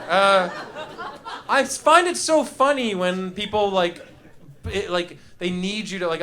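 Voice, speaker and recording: Young guy doing rambly goofy standup, kinda high voice, handheld mic in a club. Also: sharp tone. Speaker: stand-up comedian. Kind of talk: loose stand-up riffing with the audience. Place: comedy club stage.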